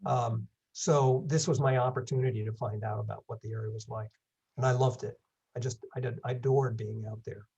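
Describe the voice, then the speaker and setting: A man's voice: medium pitch, steady tone, a little fast, vocal fry, darkish tone, slightly rough, dull audio. A man in his seventies giving a rambling, good-humored talk with questions over a video call. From England. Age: 70s. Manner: rambling, self-correcting, wry humor. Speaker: guest speaker. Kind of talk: online presentation Q&A.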